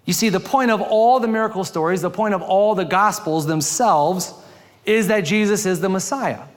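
A man preaches a sermon from the pulpit with a fairly high voice. He rises for emphasis and drops low and quiet for quoted lines. A long reverb trails off each phrase, as in a large hall. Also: normal speed. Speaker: pastor.

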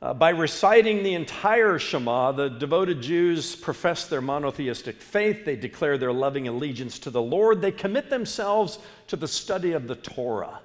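A male pastor delivering an animated sermon, leading the congregation in call-and-response. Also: fairly high pitch, normal speed, hardly any pauses. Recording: long reverb of a large hall.

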